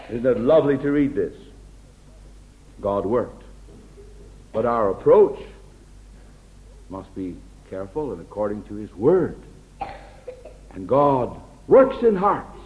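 An American man preaching a sermon in an earnest way, often dropping to a hushed, tender tone. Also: medium pitch, very animated, takes it slowly, long pauses. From United States. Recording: tinny lo-fi phone-like recording.

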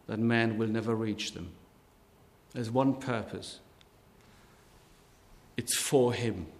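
A man preaching a sermon slowly and deliberately, lifting his voice on key words. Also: medium pitch. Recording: long hall reverb.

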